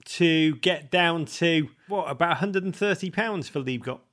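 A male podcast host whose voice runs quite high. He asks his questions with open enthusiasm and admiration. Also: unhurried, fairly bright tone. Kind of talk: interview questions.

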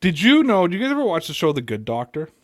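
Man, American Italian accent, podcast host, slightly high voice, dry close sound, joking loose chat. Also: huge pitch swings, fast, no echo. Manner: loose, joking, trails off and restarts. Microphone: computer mic on a video call.

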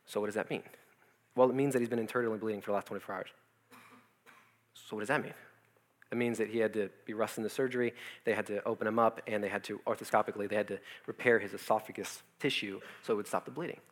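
A young youth pastor sits in his office sharing a personal testimony, animatedly acting out the voices of the people in his story. He talks fast in a lowish voice.

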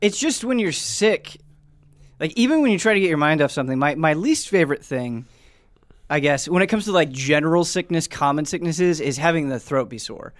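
A man's voice: on the high side, lively intonation, a little fast. A man hosting a casual chat, rambling with lots of fillers. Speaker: podcast host.

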